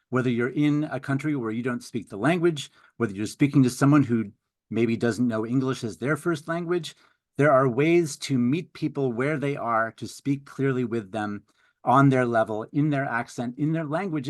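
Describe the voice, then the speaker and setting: A man's voice: mid-range voice, no room sound. A man in his fifties hosting a live webinar, introducing the speaker in a theatrical, upbeat and playful way. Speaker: webinar host.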